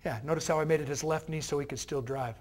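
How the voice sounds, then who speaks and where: A man giving an energetic, joking motivational talk to university students, telling anecdotes and acting out quotes. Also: a little high, fast, a crowd in the background. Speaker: motivational speaker. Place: university room with a live audience.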